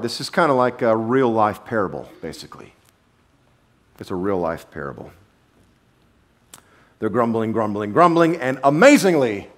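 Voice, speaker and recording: Animated male preacher, lively pitch. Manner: animated, with sudden drops to a low murmur. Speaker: pastor. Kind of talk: sermon. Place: church sanctuary.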